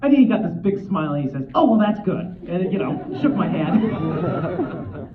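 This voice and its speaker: A man in his thirties, a guest author on a convention panel, telling stories in a quick, animated way and often correcting himself mid-sentence. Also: sits high, crowd noise, background noise. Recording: echoey, tinny, from far off.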